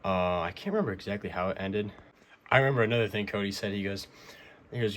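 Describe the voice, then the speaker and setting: Young man rambling excitedly, low voice. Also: fast talker, a little hiss or hum. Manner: excited, rambling with many fillers and restarts. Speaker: wrestling figure collector recapping the week. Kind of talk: casual recap vlog.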